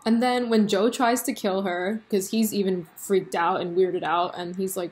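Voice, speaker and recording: A woman's voice: mid-range voice, moderate pace. Chatty young woman vlogger. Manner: chatty, animated, lots of fillers and laughs. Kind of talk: casual chat about a TV show.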